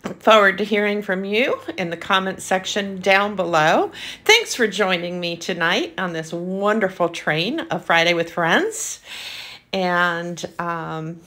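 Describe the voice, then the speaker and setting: A woman hosting her own art channel, talking casually and gushing with excitement, full of ums and repeats. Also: mid-range voice, unhurried. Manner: gushing, enthusiastic, filler-heavy. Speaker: acrylic pour artist, channel host. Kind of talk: casual vlog narration.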